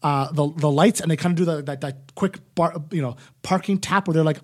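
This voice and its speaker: A man's voice: fairly high pitch, quick pace, few pauses, a little mellow, no echo, clean studio sound. A man co-hosting a comedy podcast, joking in a self-deprecating way and swearing casually. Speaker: podcast co-host. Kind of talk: comedic banter.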